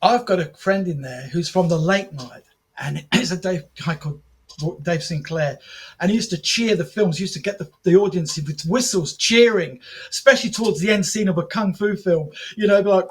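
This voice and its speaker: A man as a podcast guest, telling animated anecdotes, acting out quoted dialogue with frequent restarts. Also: high voice, moderate pace, husky. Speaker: podcast guest, martial arts film promoter and author. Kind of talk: casual podcast storytelling.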